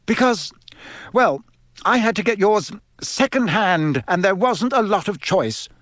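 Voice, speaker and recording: A man voicing a fussy, bossy middle-aged mother in a high, sharp voice. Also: lively intonation, unhurried, no room sound, clean studio sound, natural voice. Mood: fond, flustered.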